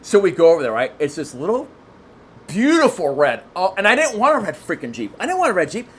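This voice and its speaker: A man who is a guest on a podcast, telling a long story in casual chat, excitable and rambling, with lots of restarts. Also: high-pitched, fast, breathy edge.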